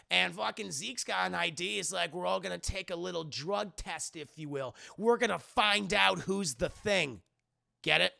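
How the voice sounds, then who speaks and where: Young guy doing a swear-heavy movie recap for his chat, high gravelly voice, bright edge, keeps slipping into character voices. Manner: rambling, profane, acts out characters in quick voices. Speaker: streamer reviewing a movie.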